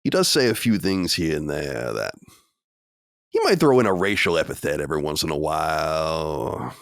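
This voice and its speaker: A man's voice: a bass voice, sing-song, moderate pace, clean tone, dry recording, clean studio sound. A man hosting a podcast in loose, rambling, self-deprecating casual chat. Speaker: podcast host.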